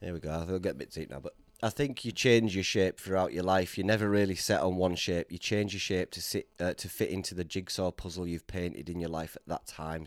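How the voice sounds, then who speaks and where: A man's voice: deep voice, no echo. A young man with a Yorkshire accent hosting a podcast, joking around in casual chat. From Yorkshire, England. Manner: playful, jokey banter with bursts of laughter. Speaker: podcast host.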